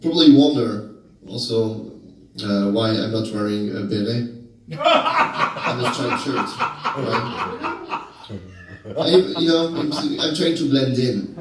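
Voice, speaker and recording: A man from France with a French accent performing a stand-up comedy set in a deadpan, halting way with many fillers. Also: medium pitch, background noise. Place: comedy club stage. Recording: echoey club, distant mic, crowd laughter.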